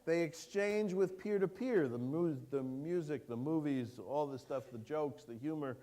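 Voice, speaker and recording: A man giving a keynote lecture to an audience, lively and engaging, putting questions to the room. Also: fairly high pitch, normal speed. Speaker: keynote speaker. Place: lecture hall before an audience.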